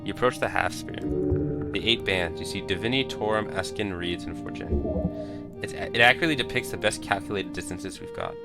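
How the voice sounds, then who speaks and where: A man's voice: sits low, expressive, moderate pace, creaky. A man streaming a game, chatting casually with wry, self-deprecating asides and reading the game text aloud. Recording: game music playing behind.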